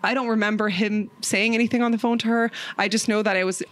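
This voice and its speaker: Young woman, podcast guest, personal story, filler-heavy, acts out quotes, mid-pitched voice. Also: fairly even intonation, fast. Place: parked car.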